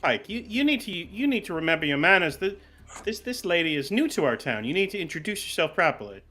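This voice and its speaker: A man's voice: high voice, big pitch swings, fast talker, bright, forceful tone. A man playing a character in a tabletop game, folksy and polite, with some stammering. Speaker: player.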